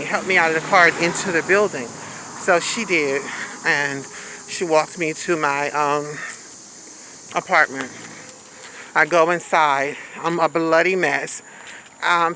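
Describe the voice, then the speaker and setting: Filming herself on a city street with a handheld phone, a woman vlogger gives a candid, sassy storytime full of "honey" and "baby." Her low voice sounds pushed and bright, the audio quality is poor, and there's slight background noise.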